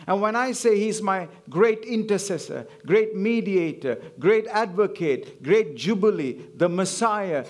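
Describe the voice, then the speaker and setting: High-voiced emphatic male preacher. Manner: emphatic, repetitive call-and-response preaching. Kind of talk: sermon.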